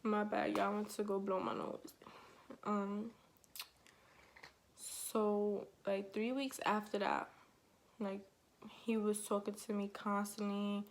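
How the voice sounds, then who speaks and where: A woman's voice: mid-range voice, completely flat delivery, slow, gravelly, pauses often, a little hiss or hum. A woman vlogger telling a storytime vlog in casual, slangy speech full of fillers, retelling it with emotion.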